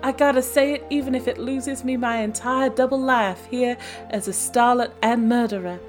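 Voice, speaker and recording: A woman's voice: mid-range voice, animated, unhurried, dark tone, faint music behind, natural voice. A woman playing a murderous starlet in a comedy sketch, talking in an earnest, wistful way. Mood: confessing. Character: female killer starlet with a double life, yearning.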